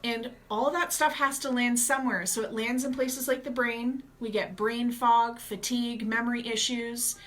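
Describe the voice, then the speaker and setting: A woman gut health coach giving casual, energetic advice straight to her viewers in a chatty vlog. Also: a little high, normal speed, few pauses.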